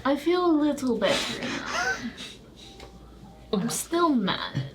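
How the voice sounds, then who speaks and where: A woman's voice: sits high, huge pitch swings, slow, background noise. A woman player speaking in character in a tabletop game, blunt and grumbling.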